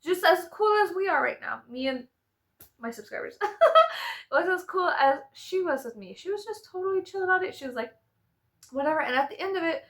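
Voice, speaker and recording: A high, lively young woman chatting straight to her subscribers, her bright voice jumping up and down as she laughs through a story. She swears freely and mocks herself with big dramatic flourishes. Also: fairly quick. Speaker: vlogger. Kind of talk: casual storytime chat to subscribers.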